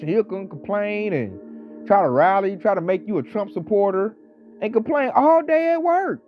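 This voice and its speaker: A man delivering a casual ranting monologue, talking with animated, mocking energy and mimicking coworkers. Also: high voice, normal speed. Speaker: online commentator. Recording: slightly dull audio, faint background music.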